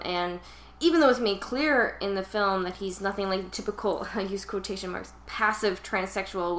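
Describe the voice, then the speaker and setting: A woman's voice: on the low side, a bit bright, a little hiss or hum. Chatty woman podcaster in a roomy echo. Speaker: podcast co-host. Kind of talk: casual film discussion.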